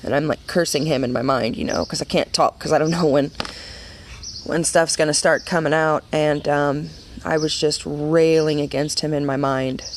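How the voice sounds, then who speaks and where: A woman's voice: deep voice, steady tone, moderate pace, slight background noise. A woman in her thirties giving a personal faith testimony in an earnest, conversational way, full of fillers and restarts. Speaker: women's ministry speaker.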